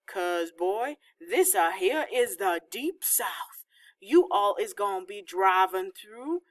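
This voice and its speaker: A woman voicing a joking father who fakes an exaggerated Southern drawl, loud and teasing. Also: mid-range voice, expressive, takes it slowly. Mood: teasing, mock-stern.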